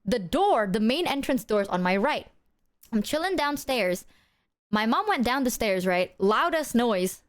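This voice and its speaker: A woman streamer chatting casually, telling animated stories full of swearing and acted-out quotes. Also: a little high, unhurried. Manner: animated storyteller, swears freely, acts out quotes.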